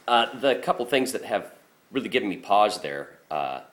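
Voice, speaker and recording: A man's voice: lowish voice, big pitch swings, normal speed, fairly bright tone. Blunt, profane garbage man telling stories. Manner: blunt and profane, rambling with restarts. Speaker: garbage truck driver. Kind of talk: casual storytelling monologue.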